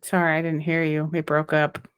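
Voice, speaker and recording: Low-voiced wry podcast woman. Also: completely flat delivery, normal speed, smooth. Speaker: podcast co-host. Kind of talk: casual podcast chat.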